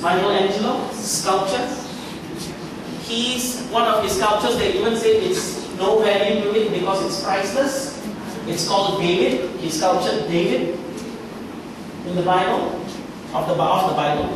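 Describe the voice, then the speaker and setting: A male guest pastor preaching a conversational sermon at a church camp, repeating points and asking the audience questions. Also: high-pitched. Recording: echoey hall, distant mic, ambient noise.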